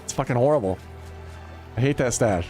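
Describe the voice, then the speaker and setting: A man talks off the cuff on a gaming livestream. His speech is peppered with swearing and quick laughs, and he rambles from one tangent to the next. His pitch swings up and down freely, and faint music sits quietly in the background. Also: lively intonation. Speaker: livestream gamer. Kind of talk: casual livestream chat.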